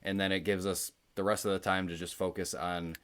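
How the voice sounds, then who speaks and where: A man co-hosting a podcast, talking through a film in a relaxed, rambling way with plenty of fillers. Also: deep voice, brisk, clear, resonant tone. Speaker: podcast co-host. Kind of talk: casual movie discussion.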